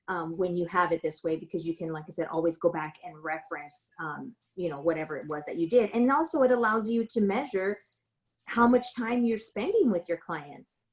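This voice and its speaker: A woman's voice: lowish voice, darkish tone, low-quality recording. A woman real estate broker giving a casual tutorial, telling stories in a chatty way full of fillers and restarts.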